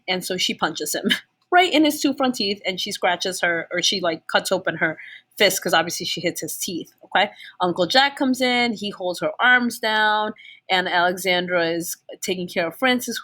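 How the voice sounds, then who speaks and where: Woman teacher, casual lesson recap, filler-heavy chatty delivery, mid-pitched voice. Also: fairly bright tone. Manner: chatty, many fillers, checks in with okay and all right. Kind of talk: casual chapter summary lesson.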